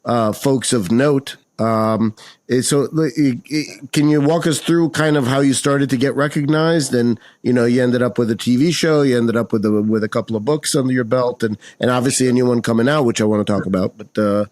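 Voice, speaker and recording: A man's voice: mid-range voice, fairly quick, darkish tone, no echo. A man hosting a podcast interview, asking loose questions with lots of fillers. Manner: hesitant questions with many fillers. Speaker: podcast host. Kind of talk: casual interview.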